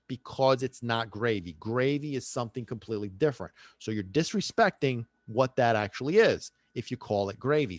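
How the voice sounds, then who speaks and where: A man's voice: mid-range voice, no room sound. A man hosting a solo podcast talks in a loose, joking way and slips Italian phrases into his talk. His voice rises and falls a great deal. It is recorded close and dry, with no room sound. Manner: animated, playful, drops into Italian phrases. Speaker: podcast host. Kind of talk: casual solo podcast rant.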